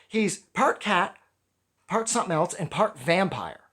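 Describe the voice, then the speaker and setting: Exasperated man ranting, lively pitch. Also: a little slow. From Canada. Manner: animated, rambling, profane, exasperated. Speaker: comic book reviewer. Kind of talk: casual ranting review.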